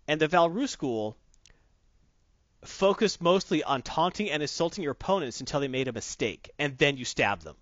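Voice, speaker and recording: A man's voice: fairly high pitch, expressive, normal speed, fairly bright tone, no room sound. Enthusiastic rambling man, dull dry sound. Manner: enthusiastic, rambling with many restarts. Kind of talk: casual chat about tabletop games.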